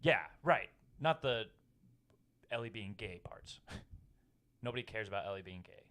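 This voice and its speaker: A man's voice: on the low side, animated, unhurried, bright, forceful tone. A young man co-hosting a podcast in a laid-back casual chat, swearing casually. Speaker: podcast co-host.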